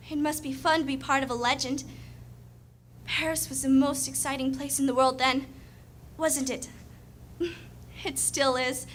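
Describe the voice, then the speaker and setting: Here a woman plays an eager young woman back from Paris, gushing over everyone in a stage monologue. The voice sits very high and bright, and it spills over with chatter. A faint hiss of noise lies under it. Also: full character voice.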